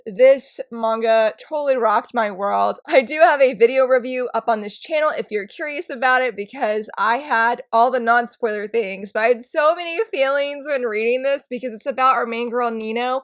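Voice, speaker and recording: A bright, high-pitched young woman talks in a casual, bubbly way about the manga she loves. Her voice sounds stuffy and congested, as if her nose is blocked. She keeps a chatty vlog tone throughout. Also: no room sound, studio quality. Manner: bubbly and excitable. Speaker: book and manga vlogger. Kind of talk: casual enthusiastic review chat.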